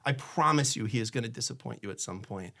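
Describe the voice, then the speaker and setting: This man is a divorce attorney talking candidly and casually about marriage, playing both partners' parts. His voice is medium-pitched, gravelly, animated and fast, softening to a hush for a personal anecdote.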